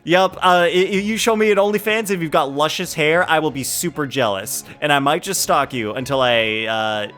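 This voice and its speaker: A man's voice: fairly high pitch, normal speed, few pauses, a bit bright, soft background music. A man streaming a game, chatting and joking playfully with his viewers. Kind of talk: casual livestream chat.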